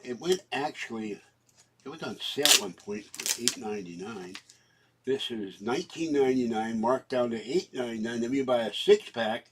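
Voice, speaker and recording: A man's voice: medium pitch, normal speed, fairly bright tone, slight background noise, low-quality recording. An older man with a cough, chatting casually and rambling through his shopping haul at home, with fillers and frequent coughing fits.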